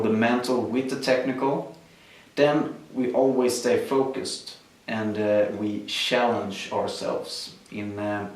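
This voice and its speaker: Guy teaching drums, slow and unhurried, very echoey room, mic kinda far off. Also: mid-range voice. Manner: slow, explanatory, with frequent fillers. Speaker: drum teacher. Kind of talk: instructional drum lesson. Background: drums played between explanations.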